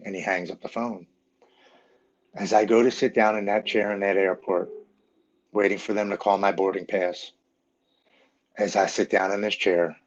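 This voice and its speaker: Middle-aged man, low flat voice. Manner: frank and blunt, with profanity. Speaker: guest. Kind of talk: personal storytelling in a podcast interview. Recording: dull lo-fi recording.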